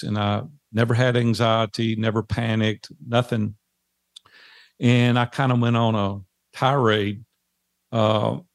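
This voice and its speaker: A man in his forties recounts his life in a plain, earnest way, pausing often on fillers. His voice sits low and has a gravelly edge. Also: no room sound, studio quality. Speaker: guest telling his life story. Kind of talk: personal storytelling.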